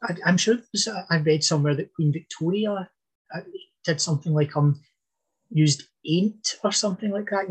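Husky-voiced man musing on history. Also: a little high. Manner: thoughtful, hesitant with fillers and restarts. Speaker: podcast guest expert on history. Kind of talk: casual podcast chat.

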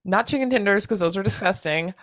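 A woman co-hosting a podcast, chatting casually and telling an animated story with plenty of swearing. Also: mid-range voice, fast, no room sound, studio quality. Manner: acts out others' lines in quoted voices. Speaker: podcast co-host. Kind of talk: casual chat.

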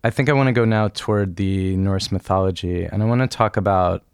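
Man, interviewer, very deep voice, gravelly, smooth resonant tone, dry room. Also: a little fast, no room sound. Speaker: interviewer host. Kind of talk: interview questions.

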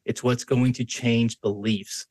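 Husky-voiced man giving a casual voice lesson. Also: medium pitch, little pitch movement, slow, a little mellow, no room sound. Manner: conversational, varies his tone to demonstrate, frequent restarts and "right?" checks. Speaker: podcast host. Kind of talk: instructional talk on voice and persuasion.

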